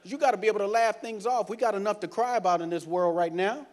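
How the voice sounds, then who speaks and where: A man working as a cruise director, doing stand-up comedy on a ship's stage and teasing the crowd loudly. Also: high-pitched, fast talker. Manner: loud, teasing crowd banter. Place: cruise ship theater.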